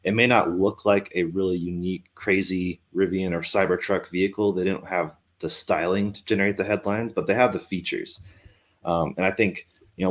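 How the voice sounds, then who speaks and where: A man co-hosting a podcast in casual chat, explaining things in a relaxed way with many fillers. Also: low voice. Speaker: podcast co-host, reporter.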